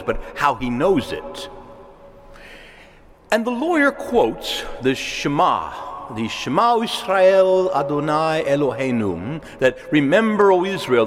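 Animated male preacher in an echoing church. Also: medium pitch. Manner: emphatic, repeats key words and asks the congregation for agreement. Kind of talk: sermon.

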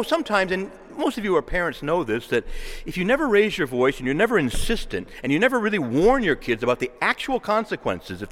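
Impassioned preacher in an echoing church. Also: male voice, sits high. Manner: impassioned, swinging between raised pleading and hushed earnestness. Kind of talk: sermon.

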